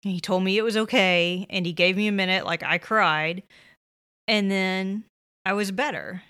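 This parenting podcast host, a woman in her thirties, speaks at a moderate pace with a medium pitch and fairly even intonation. Her tone is pushed, bright, and clean. She offers reassuring, conversational advice packed with fillers such as "you know" and "like."

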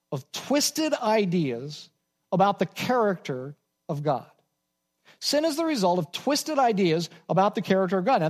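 A man preaching a sermon as pastor, repeating key points slowly for emphasis and dropping to quiet asides. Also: high-pitched.

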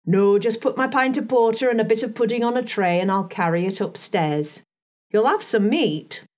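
A guarded middle-aged servant woman, read by a woman narrator, speaks with perfect composure. Her delivery is calm and even, with a slightly pointed edge. She comes across as a storybook character in an audiobook reading. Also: medium pitch, normal speed, pitched above the performer's own voice, natural voice. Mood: matter-of-fact.

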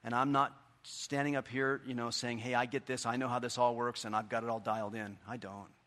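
Middle-aged male pastor, earnest conversational sermon, mid-range voice, quiet asides. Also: medium pitch, level tone, a little fast.

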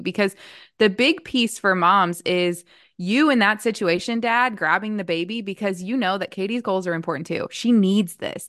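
A woman's voice: medium pitch, fairly bright tone, no room sound, studio quality. A woman in her thirties hosting a podcast, chatting earnestly and laughing often. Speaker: podcast host, coach. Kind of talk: casual conversational chat.

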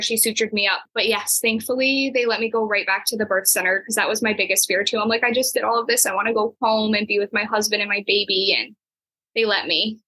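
A woman's voice: a little high, bright, forceful tone, slightly rough, low-quality recording. A young woman telling her own story as a podcast guest, chatty and laughing often. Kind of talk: casual storytelling.

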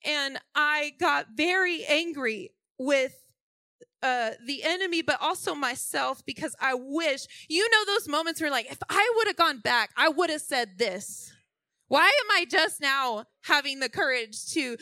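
A woman preaching a personal testimony as a sermon, moving from quiet storytelling to fervent, shouted declarations. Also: high voice, animated, unhurried, no echo.

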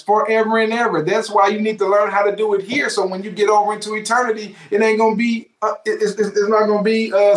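A man preaches with fervor, and his fairly high voice rings through an echoey room. He exclaims and repeats key phrases to drive each point home. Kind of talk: sermon.

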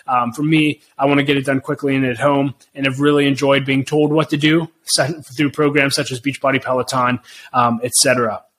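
A man's voice: medium pitch, little pitch movement, a little fast, fairly bright tone, a little hiss or hum. A middle-aged man hosting a podcast, talking alone in an earnest, encouraging way and repeating his key phrases for emphasis. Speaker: podcast host. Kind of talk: solo motivational podcast talk.

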